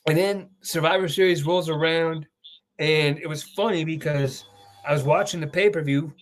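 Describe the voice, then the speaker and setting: A young man hosts a casual wrestling talk show. His voice sits a bit high, and he tells his stories with excitable energy and freely dropped swear words. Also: a little hiss or hum. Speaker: podcast host.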